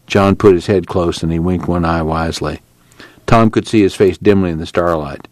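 A man narrating a novel aloud, with a slow folksy drawl in the dialogue. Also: low-pitched, steady tone, a little mellow, no room sound. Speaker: audiobook narrator. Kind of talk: scripted narration with acted dialogue.

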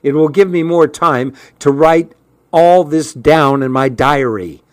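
A man reading a story aloud and voicing a defiant young child who stands up to the parents, in a steady, stubborn voice. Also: on the high side, unhurried, no echo, clean studio sound, close to an everyday voice.

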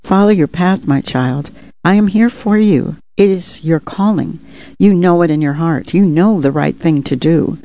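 A woman voicing a calm, wise male white dove that speaks as a spiritual messenger, matter-of-fact and gently solemn. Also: lowish voice, a little slow, dry recording, dull audio.

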